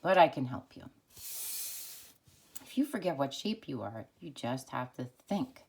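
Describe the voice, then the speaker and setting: A woman's voice: big pitch swings, takes it slowly, vocal fry, a little mellow, breathy edge, heavily acted. A woman voicing a laid-back male hexagon who talks in surfer-style slang and often half-whispers. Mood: explaining. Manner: surfer-style slang, calls everyone dude; low, half-whispered delivery.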